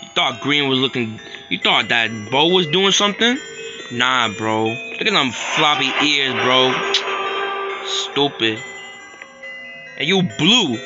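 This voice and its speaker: A young man casually commenting on a horror game he is playing, teasing the enemies and yelling in fright when they chase him. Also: medium pitch, unhurried, highs cut off. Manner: playful trash talk, nervous yelling when chased. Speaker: gaming streamer. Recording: loud background music.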